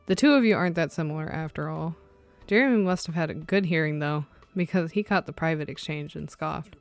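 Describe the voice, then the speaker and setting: A woman reading a visual novel aloud, switching between narration and animated, sarcastic asides of her own. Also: low-pitched, brisk, soft background music. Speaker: let's play streamer.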